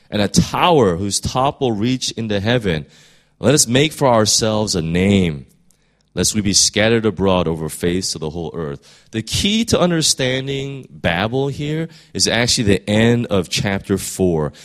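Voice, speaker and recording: A man's voice: on the low side, very animated, unhurried. A man preaching a sermon in a conversational way, often repeating words and rising to emphatic peaks. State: voice straining, clearing throat. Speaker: pastor.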